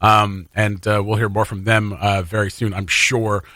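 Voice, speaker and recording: Brief: chatty male morning radio host, bright forceful tone, dry close studio sound, quick to laugh. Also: on the low side, little pitch movement, dry recording. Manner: laughs often, chatty and upbeat. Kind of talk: casual on-air banter. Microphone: studio microphone.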